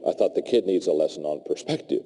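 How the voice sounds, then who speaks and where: A low-voiced, fast-talking man delivers a motivational leadership speech in a big hall, acting out dialogue as an animated storyteller. The recording has a long hall reverb and a little hiss or hum.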